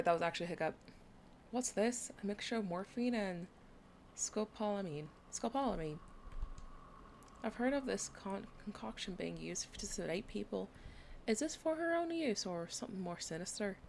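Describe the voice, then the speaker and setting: A woman's voice: medium pitch, animated, fairly quick, creaky, a little mellow, slight background noise. A woman giving casual commentary while playing a video game, chatty and reading item text aloud. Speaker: gamer. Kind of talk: casual let's-play commentary.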